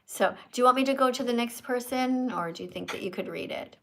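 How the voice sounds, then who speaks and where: A woman's voice: fairly high pitch, fast talker, gravelly, a bit bright. A woman hosting a livestream, lecturing her viewers in an emphatic, preachy, teacherly way. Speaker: livestream host and vegan activist.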